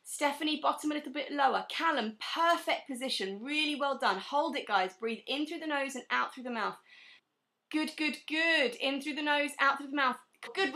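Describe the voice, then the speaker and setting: A young woman leads a pilates session, cueing breathing and giving friendly corrections to participants. Her voice is bright and crisp. It sounds echoey and distant, as if she is standing away from the mic. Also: high voice. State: out of breath at times. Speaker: pilates instructor. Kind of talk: live online fitness class instruction.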